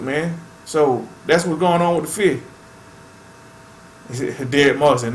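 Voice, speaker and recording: A man's voice: a little high, takes it slowly, pauses often, reverberant. A man hosting a fishing channel, chatting casually to viewers in a laid-back way and tacking "man" onto nearly every phrase.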